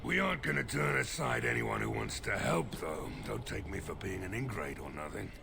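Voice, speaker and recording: An actor playing a blunt, weary village mayor in a fantasy video game. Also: male voice, fairly low pitch, expressive, normal speed, vocal fry, over music. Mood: grim. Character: grim weary middle-aged male village mayor.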